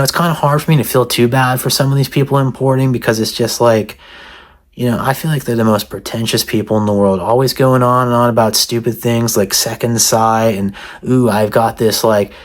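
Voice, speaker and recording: A man's voice: mid-range voice, steady tone, fairly quick. A man giving a mock-serious, sarcastic comedic rant to the camera as a vlogger. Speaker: satirical vlogger.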